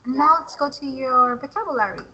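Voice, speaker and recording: A woman tutoring English, patient and encouraging, modeling words slowly for a learner. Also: sits high, expressive, pushed and bright, husky, muffled recording. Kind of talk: online English lesson.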